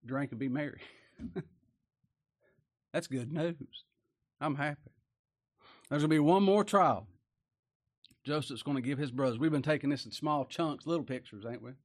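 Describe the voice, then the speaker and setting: Man preaching a bible sermon, homey talk, gets loud then drops real quiet. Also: fairly high pitch, a little slow, long pauses. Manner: folksy Bible preaching, reads scripture aloud, swings loud and soft.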